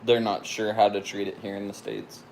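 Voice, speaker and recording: A man's voice: on the low side, completely flat delivery, moderate pace, vocal fry, a little mellow, slight background noise. A man answering viewer questions in a casual chat, plain and matter-of-fact with short answers.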